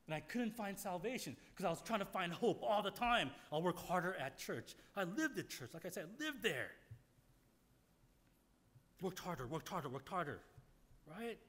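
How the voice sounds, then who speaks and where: Animated male pastor preaching a sermon. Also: high voice, moderate pace, hardly any pauses. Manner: candid storytelling with sudden loud outbursts.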